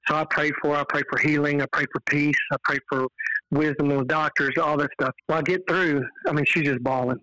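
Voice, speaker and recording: A man from Texas with a Texan accent, a podcast guest telling stories in an earnest, animated way. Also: a little high, a little fast, dry recording, poor audio. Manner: earnest, animated storyteller who quotes dialogue. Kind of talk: casual storytelling on a podcast.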